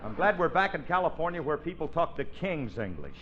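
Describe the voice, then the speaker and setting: A man's voice: fairly high pitch, very animated, fairly quick, fairly bright tone, highs cut off. A man from Tennessee, trading boastful folksy wisecracks in a 1940s radio comedy. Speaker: comedian and co-host. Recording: hissy old radio broadcast.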